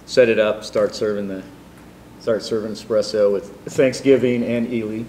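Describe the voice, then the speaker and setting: A middle-aged man telling a personal story in a rambling, animated way, with many fillers and restarts. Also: lowish voice, normal speed, slight background noise. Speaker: storyteller guest.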